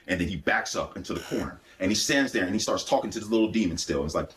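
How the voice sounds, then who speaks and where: A man's voice: deep voice, lively intonation, fast talker, hardly any pauses, a bit bright, a little hiss or hum. A man telling a personal spiritual testimony, speaking intensely with repeated phrases and restarts. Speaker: speaker giving a religious testimony.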